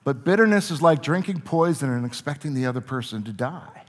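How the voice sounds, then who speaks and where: Earnest pastor in a big echoing hall. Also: male voice, mid-range voice, expressive, brisk. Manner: earnest, swings from soft reflection to forceful emphasis. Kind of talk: sermon. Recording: long reverb of a large hall.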